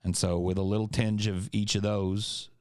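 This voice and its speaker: A man's voice: on the low side, flat delivery, normal speed, darkish tone, clear, resonant tone, no echo, clean studio sound. A man from Central California with a California accent and a faint Southern tinge, hosting a casual podcast Q&A in a blunt, rambling, profane way. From Central California, USA. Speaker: podcast host.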